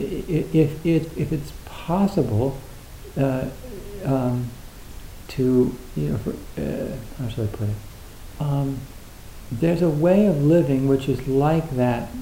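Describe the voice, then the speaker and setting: A man's voice: medium pitch, warm tone, roomy sound, slight background noise, poor audio. A man giving a reflective, casual talk on Zen, hesitant and full of fillers, acting out little dialogues.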